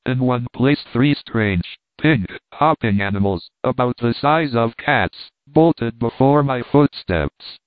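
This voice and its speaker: A man reading an adventure novel aloud as a measured storybook narration. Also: medium pitch, animated, no echo. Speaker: audiobook reader. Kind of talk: scripted narration. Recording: dry, tinny phone-like sound.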